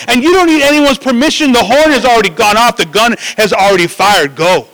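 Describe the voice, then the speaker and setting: A man preaching a sermon in an animated way, with frequent restarts and asides to the listeners. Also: very high voice, a little fast, hardly any pauses, rough recording. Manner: animated preaching, acts out voices, many restarts and "right?".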